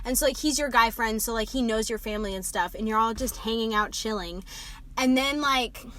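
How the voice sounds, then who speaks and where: Excitable high-voiced young woman. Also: fairly quick. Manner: giggly, gasping, excitable, acts out scenes. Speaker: podcast host. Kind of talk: casual chat.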